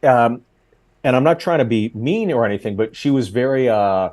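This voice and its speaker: A comedian in his forties telling a story in casual chat, getting loud and high when he acts out quotes. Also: expressive, moderate pace. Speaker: comedian guest.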